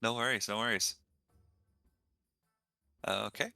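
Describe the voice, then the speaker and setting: Man, game master, low bright voice, crisp, dry close sound, faint music behind. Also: takes it slowly, dry recording. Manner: relaxed, filler-heavy narration with easy laughs. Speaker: dungeon master. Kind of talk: narrating a tabletop game.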